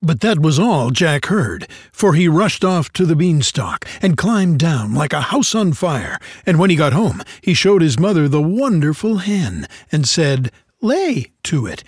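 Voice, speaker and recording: A man reading a fairy tale aloud in an expressive, unhurried storytelling manner. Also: a little high, breathy edge, no echo, studio quality.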